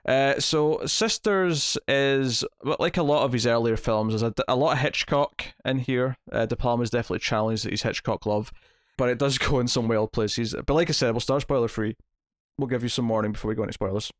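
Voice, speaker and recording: A male podcast host talking through a film in a loose, chatty way, circling back and restarting his sentences as he goes. His voice sits at an ordinary middle pitch. It is recorded close and dry, with almost no room sound. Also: a little fast, dry recording. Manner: rambling, self-correcting, laughs often. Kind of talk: casual movie review chat.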